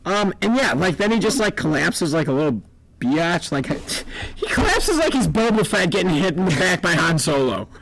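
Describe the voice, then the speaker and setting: A man co-hosting a casual comics chat on a live stream, jokey and excitable, prone to loud laughs. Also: sits high, moderate pace, a little hiss or hum, poor audio. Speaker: co-host.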